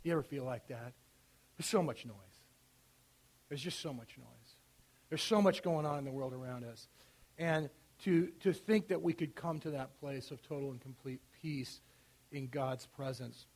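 A man preaching a sermon as pastor, talking conversationally with restarts and sinking to a quiet hush on key phrases. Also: medium pitch, normal speed.

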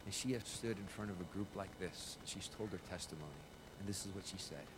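A man preaching as a pastor, telling a story with lively quoted voices before a congregation. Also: deep voice, brisk, few pauses, noisy background. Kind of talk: sermon with storytelling. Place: church stage before a congregation.

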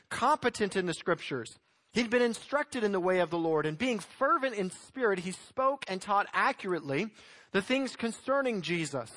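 A man's voice: sits high, fairly bright tone. A man preaching a sermon as pastor, reading scripture verses aloud and exhorting his congregation.

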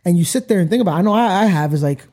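A reflective man with a fairly high, mellow voice talks about forgiveness in a faith conversation. He often repeats words while he gathers his thoughts. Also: racing. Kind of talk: candid faith talk.

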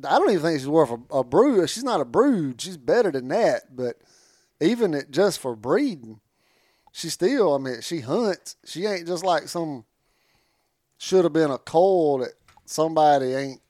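A man's voice: a little high, sing-song, unhurried, a little mellow, no echo, studio quality. A man hosting a podcast, telling a rambling story in casual chat and laughing through it. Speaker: podcast host.

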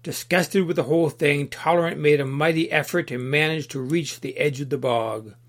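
A man narrating an allegorical story in a steady, even storytelling manner. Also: fairly high pitch, moderate pace. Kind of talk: reading an allegorical story aloud.

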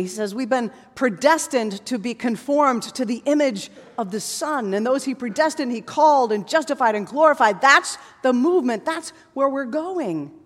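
A woman preaching a sermon in an earnest manner, rising to fervent passages and sinking to hushed closing words. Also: fairly high pitch. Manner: earnest, builds to fervent passages, drops to soft hushed endings. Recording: long hall reverb.

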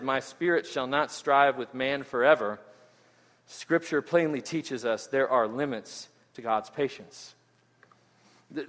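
Pastor, male, fairly high voice, emphatic expository preaching, long hall reverb. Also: a bit bright. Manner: earnest, emphatic, with frequent restarts and "right?" asides. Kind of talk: expository sermon.

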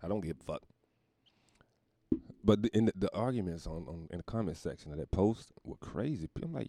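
A man's voice: deep voice, lively intonation, brisk, long pauses, mellow, no echo, studio quality. A man hosting a solo podcast, ranting crudely and mockingly and laughing at his own jokes. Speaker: podcast host. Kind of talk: solo comedic rant.

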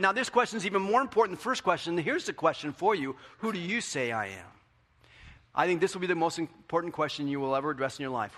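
A man preaching a sermon as pastor, animated, acting out the quotes in a raised voice. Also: fairly high pitch. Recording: hall with long reverb.

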